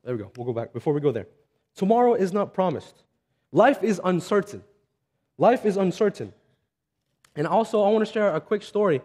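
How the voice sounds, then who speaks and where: A man's voice: high voice, animated, brisk, pauses often, mellow. A man preaching a sermon in a conversational, earnest way, telling stories and acting out the voices of the people in them. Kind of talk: sermon with storytelling.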